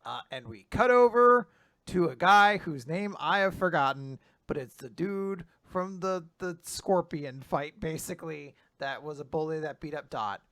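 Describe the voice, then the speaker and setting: A man casually recapping a manga chapter on a podcast, animated, often laughing and acting out characters' lines. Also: a little high, a little slow, dry recording. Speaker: podcast co-host.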